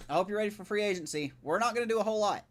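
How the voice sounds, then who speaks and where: A man's voice: sits high, racing. Man, live-stream gamer, casual commentary, rambling, self-correcting, chatty with viewers.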